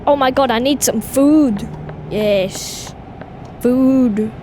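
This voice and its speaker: A woman with a Welsh accent chatting excitably to viewers while playing a driving game. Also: fairly high pitch, very slow. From Wales. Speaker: gaming video host. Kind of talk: casual gameplay commentary. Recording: game engine noise behind voice. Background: truck and vehicle sounds from game.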